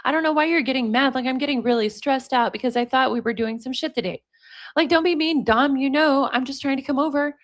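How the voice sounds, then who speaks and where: A woman reading out the texts of a needy, anxious young woman pleading with her boyfriend, in her own plain, fairly high voice. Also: a little fast, lightly acted. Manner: pleading, repetitive.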